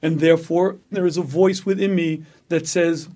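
A rabbi giving a Torah lecture, speaking emphatically, asking rhetorical questions and repeating phrases for effect. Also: male voice, a little high, fairly even intonation, moderate pace, few pauses, mellow. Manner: acts out an inner voice in dialogue.

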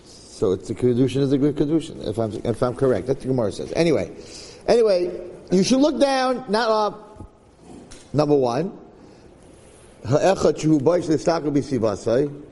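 A man's voice: on the high side, sing-song, normal speed, long pauses, mellow, in a large hall. A man giving an informal, joking Torah class, acting out stories as he goes. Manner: joking, conversational, acts out stories. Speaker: Torah teacher.

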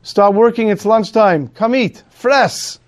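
A man's voice: sits high, takes it slowly, voice pushed up. A man voicing a brutal male SS officer who barks commanding orders in a raised voice. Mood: barking.

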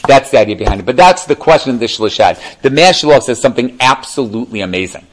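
A man's voice: medium pitch, quick pace, low-quality recording. Chatty man teaching a lesson. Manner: chatty, animated, checks in with listeners. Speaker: religious teacher. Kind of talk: casual storytelling lesson.

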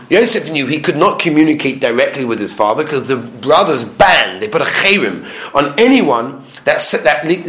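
A man teaching a Torah class, lively and emphatic, acting out the people he quotes as he goes. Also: mid-range voice.

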